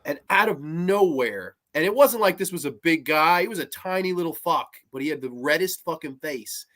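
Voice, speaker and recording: A man hosting a casual podcast chat, telling stories in an animated, profane way. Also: a little high, moderate pace. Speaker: podcast host.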